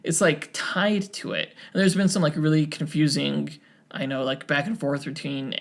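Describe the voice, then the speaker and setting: A man's voice: a little high, level tone, moderate pace, vocal fry. A young man co-hosting a podcast, talking casually with many fillers and restarts. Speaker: podcast co-host.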